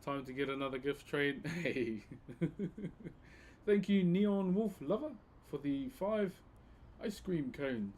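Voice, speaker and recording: Man, New Zealand accent, relaxed slangy stream chat, warm mellow tone. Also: fairly high pitch, slow pace. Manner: laid-back, slangy, calls viewers bro. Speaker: live streamer carving wood. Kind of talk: casual live-stream chat.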